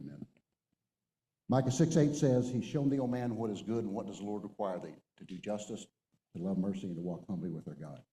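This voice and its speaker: A middle-aged man with a very dark, mellow voice gives a motivational talk from a stage to a group of men. He tells war stories and exhorts his listeners with emphatic, punchy delivery. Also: fairly low pitch, big-room sound, a little hiss or hum, poor audio. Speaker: retired Marine colonel speaker. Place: stage before an audience.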